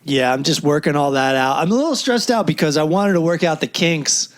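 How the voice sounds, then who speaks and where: A man co-hosting a casual comedy podcast, chatty and quick to swear and laugh. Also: fairly high pitch, animated. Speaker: podcast co-host; stand-up comedian. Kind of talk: casual chat.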